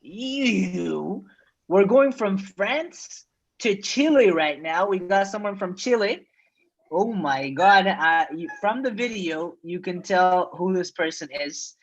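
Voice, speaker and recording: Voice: mid-range voice, expressive, takes it slowly. A host running an online comedy show over a video call, chatty and teasing. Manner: chatty, teasing, laughs easily. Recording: muffled video call audio.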